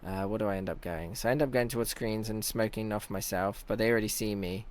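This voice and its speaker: A man's voice: fairly low pitch, steady tone, fast talker, no echo. A young man, a team captain, giving chatty, analytical commentary over match footage and teasing himself now and then. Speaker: team captain and in-game leader.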